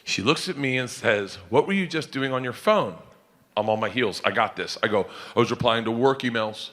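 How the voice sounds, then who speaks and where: A man doing a stand-up comedy set on a stage, telling a story loudly, shouting punchlines and acting out the other voices. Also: mid-range voice, lively intonation, moderate pace. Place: comedy stage before a live audience. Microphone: handheld stage mic.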